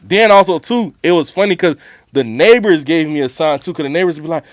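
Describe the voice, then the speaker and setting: Male podcast co-host, pitched a bit high, animated slangy storyteller, dry close sound. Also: fairly quick, no echo. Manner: animated, slangy, acts out quotes. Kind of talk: casual storytelling chat.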